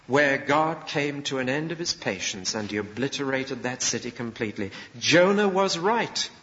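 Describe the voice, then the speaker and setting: Male preacher, sermon, expressive storytelling, slightly high voice, long reverb, dull lo-fi sound. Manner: expressive storytelling, acting out voices of prophet and God.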